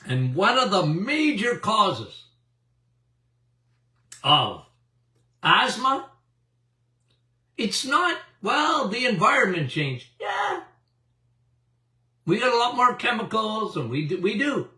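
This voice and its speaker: A man's voice: sits high, big pitch swings, slow, pauses often, bright, forceful tone. A man in his seventies, a doctor hosting a health talk, speaking emphatically with repetitions and chuckles. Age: 70s. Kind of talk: animated health talk to an audience. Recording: roomy, distant mic.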